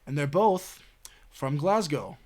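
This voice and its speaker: A man's voice: on the high side, expressive, takes it slowly, darkish tone. A man streaming late at night, telling a story in a rambling, casual way with lots of fillers and swearing. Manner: rambling, heavy filler words and frequent swearing.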